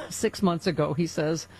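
A middle-aged woman hosting a talk radio show, chatting with quick laughs and reading ads. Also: lowish voice, very animated, a little hiss or hum, poor audio. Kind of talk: casual political talk and ad reads.

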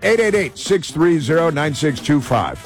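A man's voice: fairly high pitch, sing-song, moderate pace, over music. A male radio host giving sarcastic, mocking talk radio commentary.

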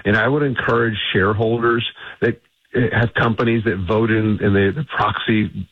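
A man's voice: fairly low pitch, steady tone, moderate pace, dry recording. A man giving confident, emphatic answers as a guest in a radio interview. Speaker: energy think tank CEO, guest. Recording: tinny phone line.

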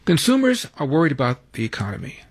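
A man's voice: fairly high pitch, wildly swooping pitch, fast talker. Wry male talk radio host. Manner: wry, sarcastic asides between headlines. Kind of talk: talk radio news rundown and monologue. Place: radio studio.

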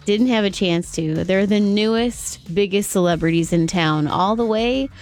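A woman's voice: mid-range voice, normal speed, a little mellow. Give me a chatty woman radio host doing casual morning banter over faint music.

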